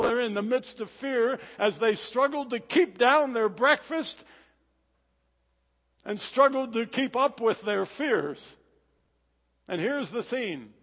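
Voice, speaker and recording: High-voiced man preaching a dramatic sermon. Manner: dramatic, rhythmic delivery swinging from loud to hushed. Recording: echoey hall.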